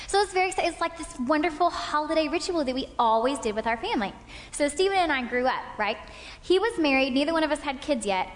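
A woman in her thirties speaking to an audience, telling personal anecdotes and checking in with "okay?". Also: sits high. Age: 30s. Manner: warm anecdotal, frequent "okay?" check-ins. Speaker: speaker at a couples' talk. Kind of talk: storytelling talk to an audience. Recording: long hall reverb.

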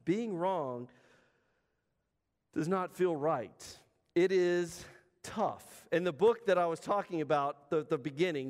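A pastor with a high, light voice delivers a sermon to his congregation, conversational and direct, using pauses for emphasis. A long reverb from the church hall carries his words.

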